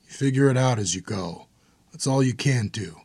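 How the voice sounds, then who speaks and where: A man's voice: mid-range voice, expressive, moderate pace, darkish tone, slightly rough, dry recording. A man voicing a grim, blunt hardened older brother in an audiobook.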